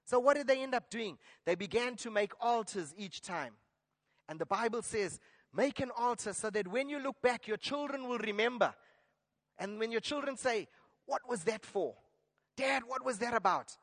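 A man's voice: very high voice, normal speed. A man preaching a sermon, earnest and exhorting, now and then restarting a phrase. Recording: long hall reverb.

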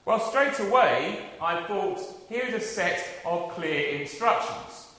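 A man preaches in a church, his voice rising and falling as he tells a story at his own expense. The sound is very echoey, with a long ringing reverb from the large room. His voice sits a touch high for a man. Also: slow pace. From South London, England. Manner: animated, self-deprecating storyteller. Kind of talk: sermon with personal storytelling.

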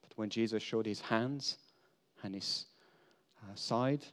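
This man takes his time, speaking slowly in a fairly low register as he plays an apostle in a first-person dramatic monologue. He relates the tale earnestly, his lines swinging from emphatic to hushed and confessional.

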